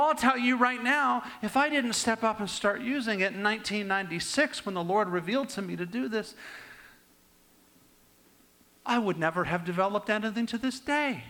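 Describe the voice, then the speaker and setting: Older male preacher, lively swings from raised to hushed, very expressive pitch. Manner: animated, swinging between raised and hushed delivery. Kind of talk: sermon with personal storytelling.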